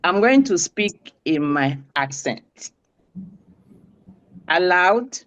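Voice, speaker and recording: A woman's voice: fairly low pitch, very animated, extremely slow, fairly bright tone, dull audio. A woman with an Owerri Igbo accent, a state administrator speaking earnestly and prayerfully at an online meeting.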